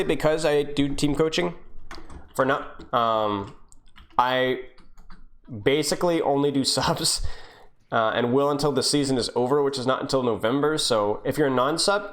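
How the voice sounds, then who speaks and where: A man's voice: medium pitch, animated, moderate pace, fairly bright tone. A young man coaching live on stream, reviewing gameplay in a casual, joking way and answering his viewers. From United States.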